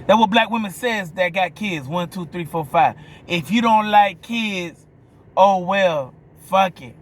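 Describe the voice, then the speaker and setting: A vlogger with a New Orleans accent gives a blunt, profane opinion monologue in a high-pitched voice with lively intonation and a measured pace. He often stops to ask if you hear him, and there is a little hiss or hum.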